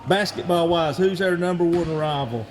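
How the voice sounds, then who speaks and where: A man interviewing high school basketball players in a casual, teasing way. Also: normal speed. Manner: joking, teasing. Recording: noisy gym with crowd chatter.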